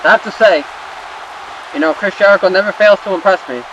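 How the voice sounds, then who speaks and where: A young man casually recapping wrestling results while playing a game, rambling and swearing with excitable asides. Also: sits high, fairly quick, highs cut off, a faint crowd, a little hiss or hum. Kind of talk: casual recap over gameplay.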